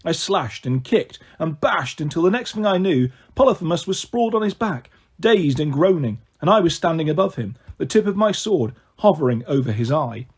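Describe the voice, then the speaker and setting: A man reading a novel aloud in first person, with expressive, animated narration. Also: fairly high pitch, moderate pace, hardly any pauses, husky. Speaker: storyteller.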